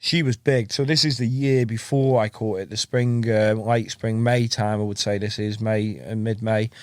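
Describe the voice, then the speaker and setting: Bloke rambling thru a story, acting out quotes, dead dry sound. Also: male voice, on the low side, little pitch movement, moderate pace, clear, resonant tone, dry recording. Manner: rambling storyteller who acts out quotes and laughs often. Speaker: podcast guest. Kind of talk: casual chat.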